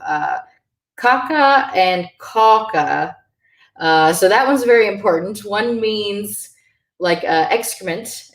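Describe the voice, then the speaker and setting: Woman, language teacher, unhurried and hesitant, slightly low voice, echoey room. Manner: slow, halting, many fillers. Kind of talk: online beginner language lesson.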